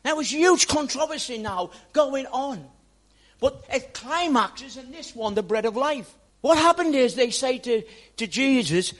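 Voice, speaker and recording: A pastor preaching a sermon in a church, speaking straight to the congregation and repeating words for emphasis. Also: male voice, very high voice, lively intonation, unhurried, fairly bright tone.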